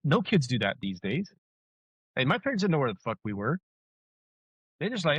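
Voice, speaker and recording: A man in his thirties from Southern California, co-hosting a casual podcast and telling nostalgic stories with lively voiced quotes. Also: mid-range voice, moderate pace, husky, dry recording. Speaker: podcast co-host. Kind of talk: casual chat. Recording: dull, dry podcast audio.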